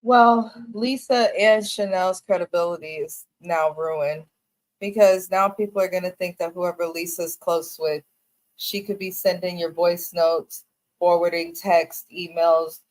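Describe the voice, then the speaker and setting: A woman's voice: fairly low pitch, fairly even intonation, unhurried. A woman co-hosting a reality TV recap, giving firm, opinionated takes in casual talk. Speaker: co-host.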